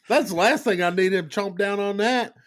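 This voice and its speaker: A man's voice: sits high, fairly bright tone. A middle-aged man hosting a podcast, telling rambling, profane stories in casual chat with plenty of restarts. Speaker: podcast host.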